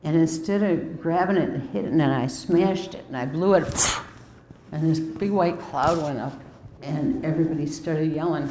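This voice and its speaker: A woman in her fifties tells her recovery story with candid, wry warmth, her voice low and mellow. She speaks in an echoey room with faint ambient noise behind her. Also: moderate pace. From Milwaukee, US Midwest. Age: 50s. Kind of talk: personal recovery testimony.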